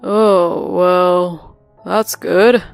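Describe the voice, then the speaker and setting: A woman's voice: medium pitch, slow pace. A woman voicing a cold, dismissive husband in a narrated story, speaking curtly over faint music. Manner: curt, dismissive.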